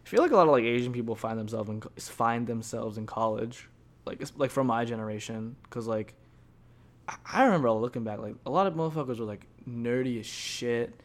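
A man's voice: medium pitch, fairly quick. A young man in his twenties hosting a podcast, telling a story casually with lots of swearing and filler words. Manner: profane, rambling, heavy on filler words; mocking, animated. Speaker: podcast host.

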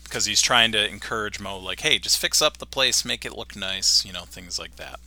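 A man's voice: lowish voice, normal speed, bright, forceful tone. A man co-hosting a podcast, casually retelling a cartoon episode and laughing along. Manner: laughing, retelling scenes with quoted lines. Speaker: podcast co-host.

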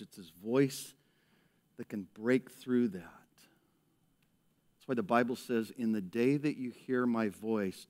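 A male pastor preaching a lively sermon to his church, acting out people in a raised voice and dropping to a hushed tone in prayer. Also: lowish voice. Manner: animated, acts out characters in raised voice, drops to hushed prayer. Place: church service.

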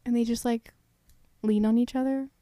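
A young woman co-hosting a podcast in casual chat, retelling TV episodes and acting out the characters' lines with gasps and big pitch jumps. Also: steady tone, moderate pace, warm tone, no room sound. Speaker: podcast co-host.

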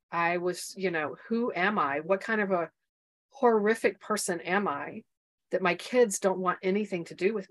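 In a podcast interview, a middle-aged mothers' coach recounts a painful personal experience, speaking earnestly but haltingly with many restarts. Her voice sits on the low side and sounds a bit bright.

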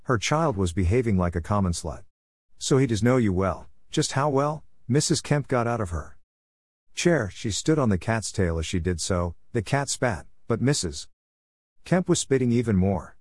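A man reading a story aloud in a steady, wry narrating manner. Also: fairly low pitch, moderate pace, no room sound, clean studio sound.

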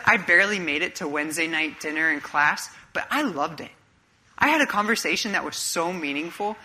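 Male pastor, conversational sermon, bright forward tone, searching questions. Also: sits high. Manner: earnest, conversational preaching with rhetorical questions.

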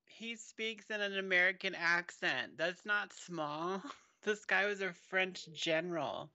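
A man's voice: high-pitched, measured pace, sharp tone, lo-fi sound. A man co-hosting a podcast in casual chat, rambling and trailing off into fillers. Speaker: podcast co-host.

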